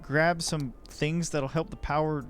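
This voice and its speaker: Dude chattering through his city builder, goofy and self-mocking, some quiet music under it. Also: a little high, fairly even intonation, measured pace. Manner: rambling, jokey, self-deprecating. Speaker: let's play host. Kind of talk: casual gameplay commentary.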